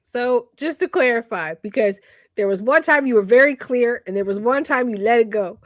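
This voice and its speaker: A woman guest chatting on a podcast in a high, very lively voice. She sounds chatty and amused and asks pointed clarifying questions. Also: moderate pace, no echo. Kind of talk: casual podcast chat.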